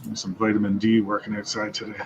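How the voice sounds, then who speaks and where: A man chats as a guest on a relaxed live stream, easygoing and soft-spoken. His voice sits fairly low, with a faint hiss of noise underneath. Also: quick pace. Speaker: guest co-host. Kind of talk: casual live-stream chat.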